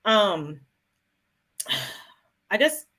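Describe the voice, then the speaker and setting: A middle-aged woman speaking in a relaxed conversational way. She is calm and reflective, earnest, and often restarts her sentences as she thinks aloud. Her voice sits at an ordinary pitch for a woman. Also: very slow. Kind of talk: casual conversation.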